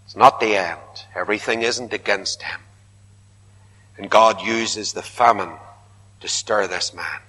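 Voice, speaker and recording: Emphatic preacher in a hall. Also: male voice, on the low side, steady tone, a little slow, pauses often, husky. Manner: emphatic, rising to loud repeated protests. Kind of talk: sermon. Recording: long hall reverb.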